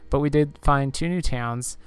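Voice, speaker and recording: A man hosting a relaxed gaming podcast, sleepy and rambling, with many fillers. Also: fairly high pitch, normal speed, clear, resonant tone, soft background music. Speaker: podcast host. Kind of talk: casual game playthrough chat.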